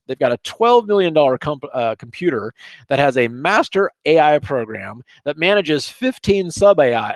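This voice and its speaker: A middle-aged man teaching trading over charts in a casual, animated way, often checking in with "okay?". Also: a little high, dry recording. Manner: animated, chatty, sprinkles "okay?" and asides. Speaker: trading educator.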